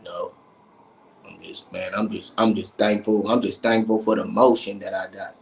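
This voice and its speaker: A man with a fairly low voice speaks as a livestream guest. He rambles hesitantly, stopping and restarting with plenty of fillers. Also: little pitch movement, normal speed, gravelly, a little hiss or hum.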